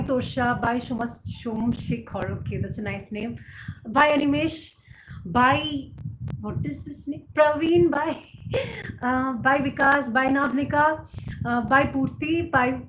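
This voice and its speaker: A woman, hosting a casual live chat and answering viewer comments, full of fillers and easy laughs. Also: sits high. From India. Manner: chatty, frequent fillers, laughs easily. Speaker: livestream host. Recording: echoey room with background noise.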